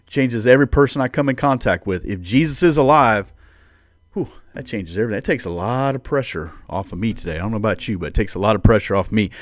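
A man's voice: on the low side, expressive, fast, no echo. Man preaching in a dry podcast voice. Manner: conversational, preacherly, rising emphatic bursts. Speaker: podcast host. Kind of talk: devotional podcast teaching.

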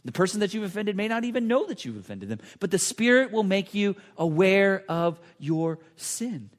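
A man preaching a sermon with a slightly higher than usual voice. He talks earnestly, repeats and restarts his phrases, and sometimes sinks to a near whisper to drive a point home. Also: sing-song, normal speed. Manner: earnest, repetitive preaching with many restarts and dramatic drops to a hush. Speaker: pastor.

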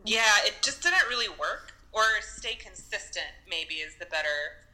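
A woman's voice: medium pitch, lively intonation, measured pace, pushed and bright, low-quality recording. A woman co-hosting a casual film review chat, recounting scenes in a chatty, filler-heavy way. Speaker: podcast co-host reviewing a film.

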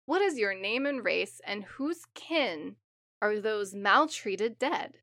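A medieval prince demands answers of a spirit in a retold folk tale, read out by a woman. The delivery is measured and bright, only lightly coloured from the reader's natural voice. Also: medium pitch, animated, no room sound, studio quality. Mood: demanding. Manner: read aloud plainly from a story. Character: medieval Irish prince, a would-be conqueror questioning a spirit.

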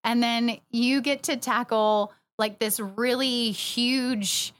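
A woman's voice: fairly high pitch, fairly even intonation, slow, a bit bright. A woman co-hosting a church podcast, chatting casually, laughing often and agreeing emphatically. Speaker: podcast co-host, church next steps director. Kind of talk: casual chat.

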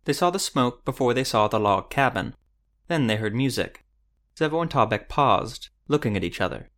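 A man narrating a fantasy audiobook in a steady, even storytelling manner. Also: mid-range voice, normal speed.

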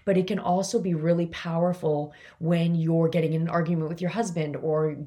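Middle-aged woman host, warm low voice, emotional and confiding storyteller. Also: little pitch movement, fairly quick. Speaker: podcast host, mother of three boys. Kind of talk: personal storytelling to listeners.

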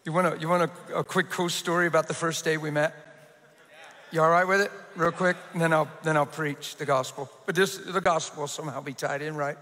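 A man preaching a sermon as pastor, telling a story in an animated way, laughing and acting out the voices of the people in it. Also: fairly high pitch, a little fast. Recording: reverberant hall.

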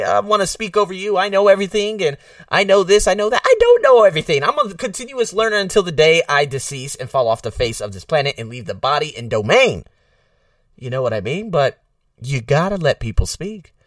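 Animated rambling American man. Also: on the high side, no room sound, studio quality, distant mic. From United States. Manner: rambling, filler-heavy, animated. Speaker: podcast host. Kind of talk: casual rambling monologue.

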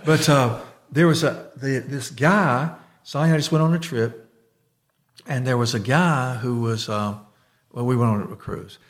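A man's voice: medium pitch, unhurried. A man in casual conversation about faith, telling a story with lots of restarts and fillers.

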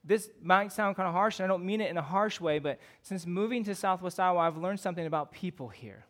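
A man's voice: sits high, a little fast, a bit bright. A man with a Midwestern American accent preaching a sermon in a conversational way, often using fillers and asking rhetorical questions. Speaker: pastor.

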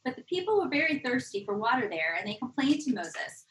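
A woman reading a scripture passage aloud at a slow, measured pace. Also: sits high, big pitch swings, a little hiss or hum. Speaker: scripture reader. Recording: echoey room, from off mic.

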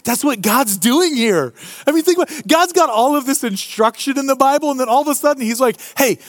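A male pastor preaches to a congregation in a lively, joking and conversational way. His voice sits high for a man, and his pitch rises and falls freely. The sound is close and dry. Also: fairly quick, no room sound. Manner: animated, humorous, conversational preaching. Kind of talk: sermon. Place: church before a live congregation.

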